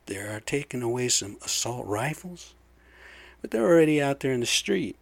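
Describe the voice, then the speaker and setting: A man rambles in a loose, profane rant and keeps getting himself worked up. His voice has an everyday middle pitch and sits in a dry, close recording with no room around it. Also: lively intonation, normal speed, gravelly, no room sound. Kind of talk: casual rant.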